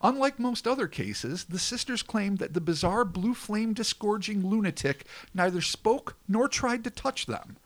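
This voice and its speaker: Podcast host, male, slightly higher voice, dramatic storyteller reading history. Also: lively intonation, unhurried, few pauses. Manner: dramatic narration with swearing banter. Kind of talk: reading a scripted history segment.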